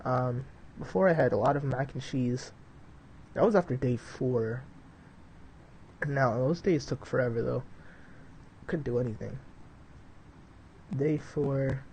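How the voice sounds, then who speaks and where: A man's voice: medium pitch, measured pace, long pauses, darkish tone, slight background noise, low-quality recording. A young man streaming a flight simulator, chatting to viewers in a loose, rambling way full of "dude" and "like", between flight checks. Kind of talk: casual live-stream chat.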